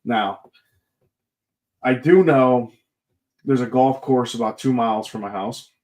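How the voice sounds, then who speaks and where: An American man hosts a casual conversation, with a voice pitched in the middle range for a man. He tells stories in a relaxed way and acts out what he said at the time. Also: slow. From United States. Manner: relaxed storyteller, mimics his own past remarks. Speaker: host. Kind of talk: casual chat.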